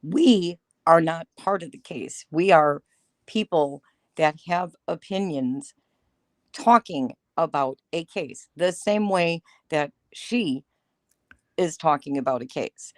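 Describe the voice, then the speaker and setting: A woman's voice: sits low, slow pace, dry recording, studio quality. A woman appearing as a guest on a livestream, talking through a topic in a discursive way with lots of fillers. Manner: talkative, discursive, many fillers. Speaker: guest commentator. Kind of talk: casual commentary chat.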